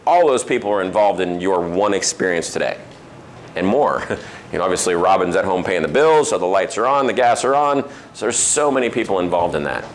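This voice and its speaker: In a restaurant dining room, a restaurant owner with a low, lively voice gives a casual talk to a men's group, speaking a little fast. He tells stories, acts out the voices of the people in them, and uses lots of fillers. There's a bit of hiss or hum on the audio.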